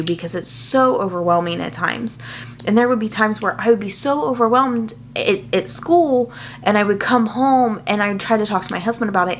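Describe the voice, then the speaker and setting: A young adult woman, a nursing student, chatting casually and earnestly to her viewers, full of fillers and quick asides. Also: mid-range voice, a little hiss or hum. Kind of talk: casual chat to camera.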